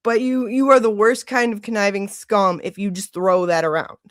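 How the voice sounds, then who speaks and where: A woman hosting a casual livestream, gushing and excitable, gasping and laughing often. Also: medium pitch, moderate pace, dry recording, studio quality. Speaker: livestream host.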